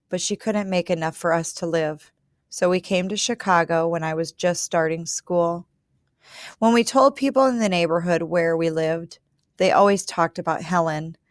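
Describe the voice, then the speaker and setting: A woman reading a children's storybook aloud in a calm, measured way, telling it as a child narrator. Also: fairly low pitch, no echo, clean studio sound. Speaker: reader.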